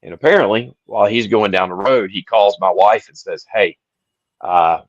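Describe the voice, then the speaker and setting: A man hosting a live video-call show, chatting in a relaxed way and sharing stories. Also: fairly low pitch, fairly quick, dry recording. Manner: relaxed, chatty storyteller, says "dude" and "you know". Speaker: host. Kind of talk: casual live-stream chat. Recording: dull, lo-fi stream audio.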